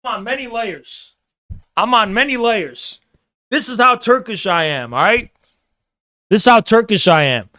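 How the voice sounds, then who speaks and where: A man's voice: sits high, animated, unhurried, pauses often, sharp tone, no room sound, clean studio sound. A man delivering a provocative, emphatic ranting monologue, repeating phrases for effect. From United States. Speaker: political commentator.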